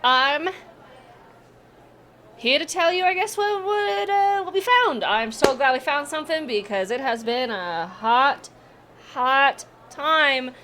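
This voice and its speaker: A woman voicing an eager, overworked male gnome scholar who talks excitedly and rambles. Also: slow, slight background noise, full character voice. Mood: weary. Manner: excitable, rambling, high and loud.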